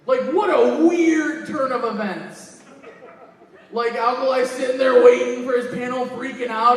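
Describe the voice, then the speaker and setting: Guy doing standup, kinda high voice, swears a lot, big echoey hall, sounds far from the mic. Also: measured pace. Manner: profane storytelling, acting out quoted lines. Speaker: stand-up comedian. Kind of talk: stand-up comedy. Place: convention panel room.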